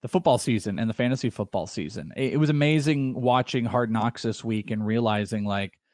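A man's voice: medium pitch, fairly quick, a little mellow, no echo, clean studio sound. A man co-hosting a sports radio show in casual, upbeat chat.

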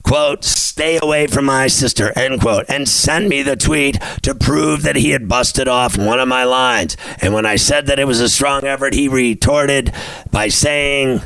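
A loud, boastful man with a smooth, clear voice runs a sports podcast monologue. He brags and threatens jokingly, recorded close and dry with no room sound. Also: medium pitch, fairly even intonation, a little slow, dry recording, rough recording. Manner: boastful, loud, mock-tough. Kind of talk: brash comedic monologue.

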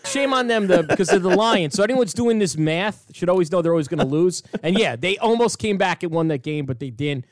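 A man's voice: sits high, lively intonation, a little fast, hardly any pauses, dry recording. A middle-aged man co-hosting a sports radio show, playful and acting out little scenes as he talks. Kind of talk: casual sports radio banter.

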